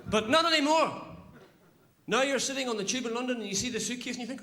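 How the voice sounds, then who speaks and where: High-voiced Northern Irish comic. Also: male voice, a little fast. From Northern Ireland. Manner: animated, shouts in bursts. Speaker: stand-up comedian. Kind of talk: stand-up routine. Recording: live set with loud audience laughter. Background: audience laughter.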